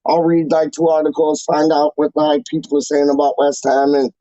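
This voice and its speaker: A man's voice: a little high, monotone, normal speed, dark tone, no room sound, muffled recording. A man hosting a fan channel, talking in a casual, slangy and emotional way with many repeated exclamations.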